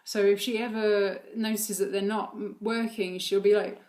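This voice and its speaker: A woman's voice: mid-range voice, little pitch movement, moderate pace, darkish tone. A woman, a mother, chatting casually on her vlog, full of fillers and frequent laughs. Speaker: vlogger and mother. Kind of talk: casual chat about her toddler.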